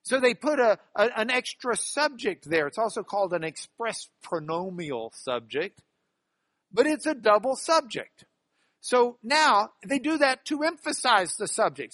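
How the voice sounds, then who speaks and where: A man teaching a class on biblical Greek grammar, animated and stressing key words by repeating them. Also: high-pitched, moderate pace, dry recording. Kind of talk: classroom lecture.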